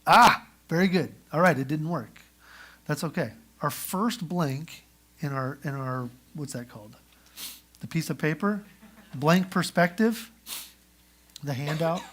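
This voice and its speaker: A man preaching a sermon in church, telling the story in a lively way and acting out the characters. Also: on the high side. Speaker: pastor. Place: church sanctuary.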